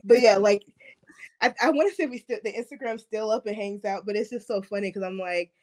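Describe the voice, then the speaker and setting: A woman's voice: mid-range voice, a little fast. A woman guest on a podcast, chatting casually and laughing often as she acts out quotes in her stories. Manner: laughs often, peppers speech with "like"; animated storytelling with acted-out quotes. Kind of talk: casual interview chat.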